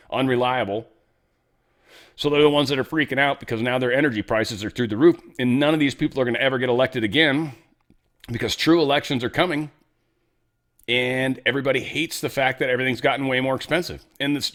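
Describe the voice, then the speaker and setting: A man's voice: mid-range voice, fairly bright tone. A man hosting a casual political commentary show, talking in a loose, sarcastic, rambling way. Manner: loose, sarcastic, rambling, drops into mock voices.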